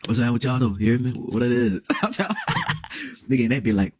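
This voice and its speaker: A young man telling a wild comedic story, dramatic and excitable, full of slang and constantly asking "you hear me?". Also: mid-range voice, fairly quick, a little hiss or hum. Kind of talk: animated comedic story time.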